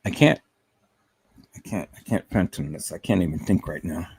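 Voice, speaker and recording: A man's voice: sits low, moderate pace, vocal fry, a little mellow, slightly rough. A man hosting a livestream, talking emotionally and emphatically, repeating words and stammering as he addresses his viewers as "people". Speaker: live stream host.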